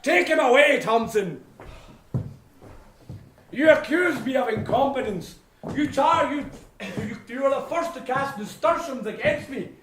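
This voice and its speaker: A self-important, bumbling inspector, played by a man on an amateur stage blusters and trips over his words in a fairly high voice. He is heard from a distance in an echoing hall. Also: animated, a little slow, pauses often, a bit bright, slight background noise, heavily acted. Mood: pompous. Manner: pompous, blustering, mangles words. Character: pompous bumbling police inspector, middle-aged man. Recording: echoey hall from far off.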